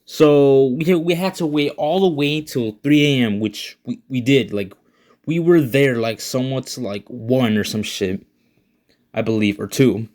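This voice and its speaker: A young guy recounting something that happened to him, unhurried and loose. His voice sits at an ordinary middle pitch, and he keeps throwing in slang, curse words and a steady stream of "like". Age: young, student. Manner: laid-back, slangy, swears a lot, heavy use of "like". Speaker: storyteller, channel owner. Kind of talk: casual personal storytelling.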